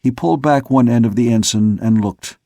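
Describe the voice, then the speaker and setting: A man reading a novel aloud as an audiobook narrator, in a measured, steady storytelling manner. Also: medium pitch, creaky, no room sound. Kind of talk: scripted narration.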